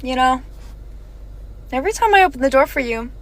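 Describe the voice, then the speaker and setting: Storytime impression: a woman doing a pushy young date, lower and hushed, clipped. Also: expressive, fairly quick.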